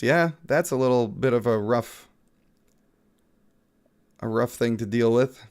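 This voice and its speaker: A man's voice: medium pitch, unhurried, pauses often, darkish tone, clean tone. A man who is sick, giving casual, playful live-stream commentary on a mobile game and chatting with viewers.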